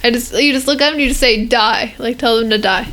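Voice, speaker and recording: A teenage girl co-hosting a casual podcast, joking and quickly correcting herself. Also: fairly high pitch, a bit bright, slight background noise, poor audio. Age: teens. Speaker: podcast co-host. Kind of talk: casual chat.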